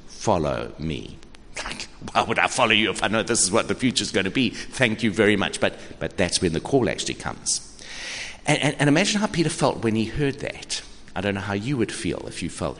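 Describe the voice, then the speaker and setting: A man in his sixties preaching a sermon, conversational and animated, often restarting his words. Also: fairly low pitch. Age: 60s. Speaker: pastor. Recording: echoey hall with faint ambience.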